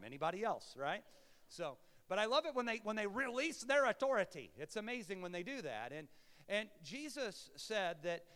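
A male pastor preaching a sermon, swinging between shouts and low murmurs, with playful asides to the congregation. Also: clear, resonant tone, in a large hall.

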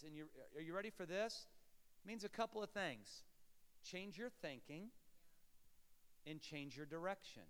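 A man preaching in a church sanctuary, his voice high and resonant with a long reverb trailing behind it. He swings from near-shouts down to quiet murmurs and slips in playful asides to the congregation. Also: smooth. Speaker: pastor. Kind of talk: sermon.

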